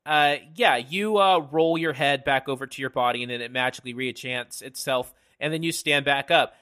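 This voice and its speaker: A man narrating a tabletop game as game master, halting often with fillers as he describes the scene. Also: medium pitch, pushed and bright.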